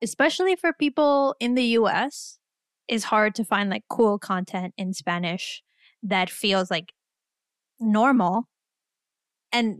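A woman's voice: mid-range voice, no room sound. Dry-voiced, enthusiastic woman podcast host. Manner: enthusiastic, quick to gasp and laugh. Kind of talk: casual interview chat.

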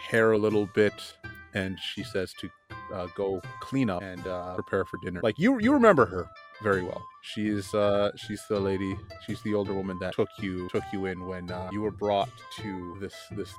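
Low-voiced man rambling as game master. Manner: rambling, full of ums and uhs. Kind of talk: narrating a tabletop game. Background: background music.

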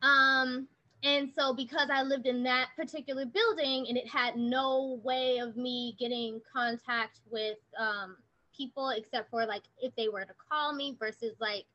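A woman's voice: sits high, fairly even intonation, unhurried, sharp tone, lo-fi sound. A woman in her thirties, a guest telling her story in a rambling, chatty way with many fillers. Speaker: guest, online preschool owner. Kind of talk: casual interview chat.

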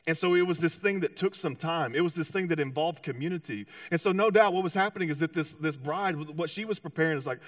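Animated preacher, slightly high, distant mic. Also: male voice, fast talker, hardly any pauses, dry recording, studio quality. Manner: animated storytelling with acted-out voices, many restarts. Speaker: pastor. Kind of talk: sermon.

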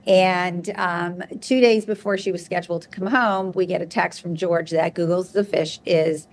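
A woman guest on an interview show, telling an anecdote in a lively, chatty way. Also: fairly low pitch, moderate pace, a little hiss or hum. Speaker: guest, television producer. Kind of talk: interview storytelling.

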